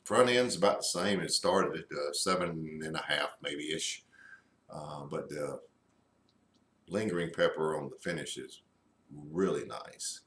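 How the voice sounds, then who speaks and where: A man reviewing a cigar in a slow, halting way with many fillers. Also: extremely low pitch, fairly bright tone, echoey room, a little hiss or hum. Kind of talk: casual review.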